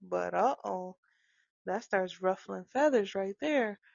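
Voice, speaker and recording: A woman with a gravelly, creaky voice talks about parenting in a loose, animated monologue, often slipping into little acted-out bits of dialogue. The recording is dry and slightly dull, with no room sound around her. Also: medium pitch, slow pace, dry recording. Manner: animated, acts out quoted dialogue, frequent laughs.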